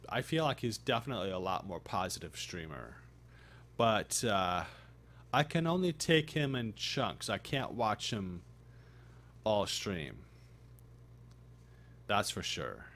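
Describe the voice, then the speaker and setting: A tired, groggy man chatting casually on his live stream, rambling with halting restarts. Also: on the low side, big pitch swings, fairly bright tone. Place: home streaming setup.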